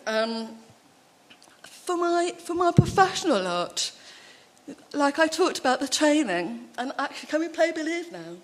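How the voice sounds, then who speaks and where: A woman speaking at a conference, telling personal anecdotes in a chatty, animated way with many asides. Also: high voice, a little slow.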